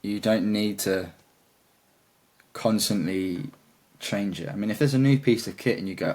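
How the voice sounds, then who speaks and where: A man's voice: on the low side, unhurried, a little mellow. A man chatting as a guitarist guest in an interview, talking in a rambling, enthusiastic way. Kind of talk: casual interview chat.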